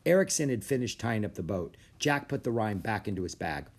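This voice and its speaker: A man narrating a children's storybook aloud, expressive and animated. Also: fairly low pitch, a little fast.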